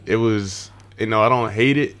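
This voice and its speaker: Co-host, male, lowish voice, easygoing slangy critic. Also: moderate pace. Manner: relaxed slangy music critique, lots of "bro" and "like". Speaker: podcast co-host. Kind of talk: casual chat.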